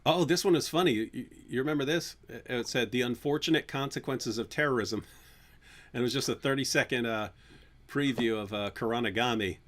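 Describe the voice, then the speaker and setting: A man hosting a livestream, chatting casually in an animated, playful way and often restarting his sentences. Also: medium pitch, brisk. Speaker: channel host.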